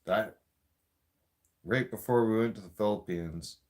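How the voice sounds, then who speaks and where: A man's voice: lowish voice, a little slow, darkish tone. A man telling a profane, rambling story in a casual rant. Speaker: vlogger.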